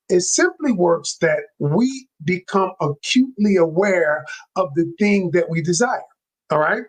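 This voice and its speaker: This is a man speaking as a relationship coach in an interview. He talks with excitable energy and a lively, swooping pitch. His slightly raspy voice sits high, and his loose, colloquial delivery keeps circling back to restart phrases. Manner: animated and excitable. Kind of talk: interview guest.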